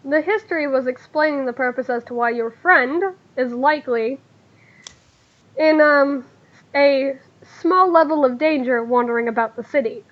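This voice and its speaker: A woman doing a smooth, formal crime boss. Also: extremely high pitch, moderate pace, muffled recording. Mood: reassuring. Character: calm scheming male crime boss in a wheelchair.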